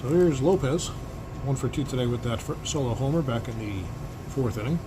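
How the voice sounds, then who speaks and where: A man's voice: medium pitch, brisk. A man giving broadcaster-style play-by-play of a tabletop baseball game, with asides about his dice rolls. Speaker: replay host and play-by-play announcer. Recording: air-conditioning hum in the background.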